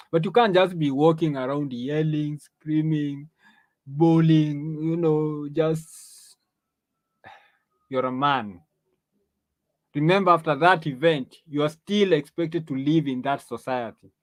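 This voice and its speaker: A man's voice: a little high, dry recording. A man hosting an opinion monologue, lecturing emphatically, drawing out stressed phrases, with frequent restarts and rhetorical questions. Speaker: host.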